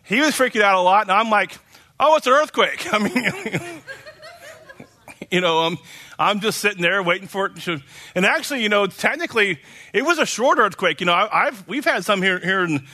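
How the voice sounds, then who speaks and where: A man's voice: sits high, lively intonation, moderate pace, sharp tone. A man from Oklahoma preaching a casual sermon, rambling and chatty with many fillers and restarts.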